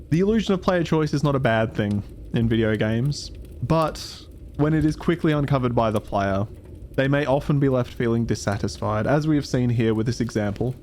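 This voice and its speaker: A man doing a mock-formal male documentary narrator, speaking in a dry, slow, formal way. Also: mid-range voice, darkish tone, a little hiss or hum, natural voice. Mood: wry.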